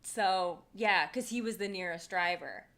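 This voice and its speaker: A woman in her twenties, co-hosting a podcast, telling a story in casual chat with animated delivery and heavy swearing. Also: fairly low pitch, unhurried, background noise. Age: 20s. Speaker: podcast co-host.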